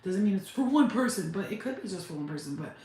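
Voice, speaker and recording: A woman psychic medium channeling messages in a halting, repetitive, emotional way, close to tears. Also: medium pitch, lively intonation, warm tone. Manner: halting, repetitive, restarts words. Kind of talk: live spirit channeling session. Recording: very echoey room, faint background noise.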